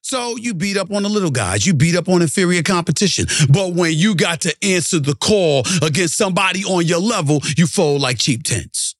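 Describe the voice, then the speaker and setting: Heated sports-show host, ranting. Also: male voice, high-pitched, expressive, a little fast, few pauses, dry recording, studio quality. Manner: emphatic, heated, repeats for emphasis. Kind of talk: ranting sports commentary monologue.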